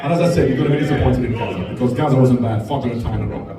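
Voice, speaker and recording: A man's voice: mid-range voice, rapid-fire, crowd noise. A man from Jamaica, a guest speaker at a private evening, telling stories, joking and swearing, then rapping along to a song. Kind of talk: stage storytelling and rapping. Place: indoor venue at a private evening. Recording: roomy venue, distant mic, loud music.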